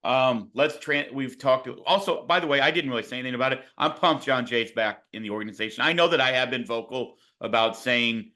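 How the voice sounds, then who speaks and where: A man co-hosting a sports podcast in casual chat, with a bright, forward tone. He hedges his points and argues playfully, and his pitch sits in a middle range. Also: fairly quick, few pauses. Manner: hedging, reflective, playfully argumentative. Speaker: podcast co-host.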